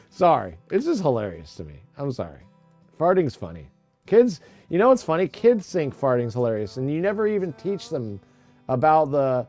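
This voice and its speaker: A man's voice: on the high side, a little mellow. A middle-aged man chatting casually on a livestream, rambling and joking crudely. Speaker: livestream host.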